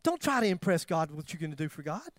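A man preaching a sermon, swinging between loud emphatic questions and near-whispered tenderness, with self-deprecating humor. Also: a little high, sing-song, fast, dry recording, studio quality. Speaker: pastor.

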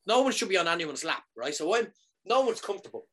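A man casually telling a comic anecdote, animated, swearing freely and often checking in with "right?". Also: high-pitched, quick pace.

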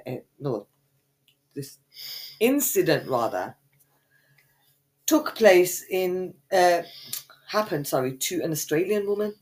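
Woman podcast cohost, animated delivery, constant swearing and teasing. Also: lowish voice. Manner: foul-mouthed, mock-insulting. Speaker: podcast co-host. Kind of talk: casual podcast banter.

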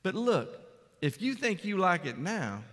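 A man preaching a sermon, emphatic, building up to loud climaxes and asking the congregation for amens. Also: high-pitched, big pitch swings, measured pace. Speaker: pastor. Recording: long hall reverb.

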